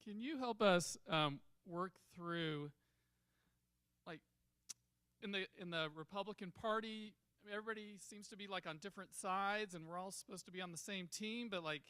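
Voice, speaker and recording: A man's voice: high-pitched, normal speed, sharp tone, smooth, no echo. A man in the audience asking a question, hesitant and searching for his words. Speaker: audience member.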